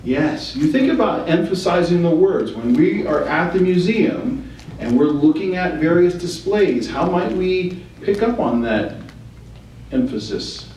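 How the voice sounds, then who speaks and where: A man's voice: a little high, expressive, a little slow, a little mellow, a little hiss or hum. A man leading a training session, asking the group questions and giving feedback. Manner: coaching, asks the group questions. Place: training room. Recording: echoey room from far off.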